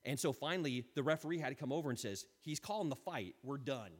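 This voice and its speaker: A man preaching a sermon as pastor, impassioned and emphatic, dropping suddenly to quiet lines. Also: medium pitch, animated, quick pace, in a large hall.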